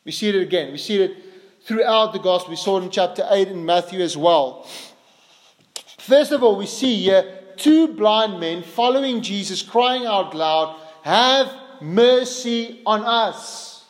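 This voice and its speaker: A man preaching a sermon in an earnest way, his voice lifting higher and louder on quoted cries for mercy. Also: lively intonation, normal speed, long reverb tail. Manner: earnest, rises in pitch and volume for quoted pleas.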